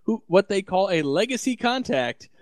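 A man's voice: sits high, very animated, moderate pace, no room sound. Wry man hosting a tech podcast. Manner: sardonic, laughs often, reads news items aloud. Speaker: podcast host. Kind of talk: casual tech podcast chat.

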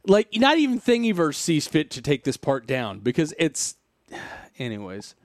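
A man's voice: fairly high pitch, huge pitch swings, moderate pace, no room sound, studio quality. A man hosting a casual podcast, reading a news article aloud and breaking off for sarcastic remarks and sighs. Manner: sarcastic, wry asides and sighs.

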